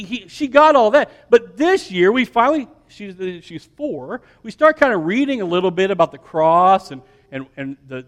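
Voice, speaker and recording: A man's voice: high-pitched, fairly bright tone. A man in his thirties, a pastor, preaching an emphatic sermon and repeating words as he builds up.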